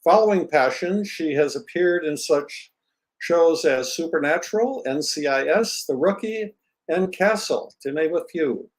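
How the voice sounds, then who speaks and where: A man's voice: a little high, a little slow, rough recording. A man hosting an interview, reading a guest's introduction and then chatting in a friendly, joking way. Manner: friendly, jokey, self-deprecating. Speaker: interviewer host.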